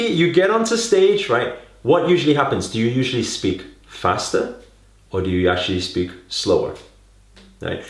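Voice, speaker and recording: A man's voice: fairly high pitch, roomy sound. A man teaching public speaking to the camera, coaxing his viewers with rhetorical questions and a frequent "right?".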